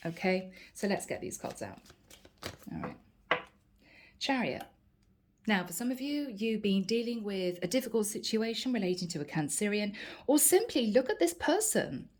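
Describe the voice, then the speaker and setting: A woman's voice: fairly high pitch, darkish tone. A woman giving a chatty channeled tarot reading, reassuring her viewers and acting out their little everyday grumbles. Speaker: tarot reader.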